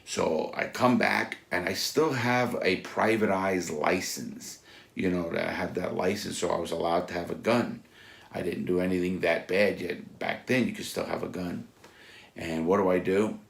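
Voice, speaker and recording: Gravelly low-voiced man telling stories. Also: moderate pace. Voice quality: blunt, profane, animated storytelling. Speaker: storyteller recounting his past. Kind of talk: casual spoken anecdote. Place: Florida.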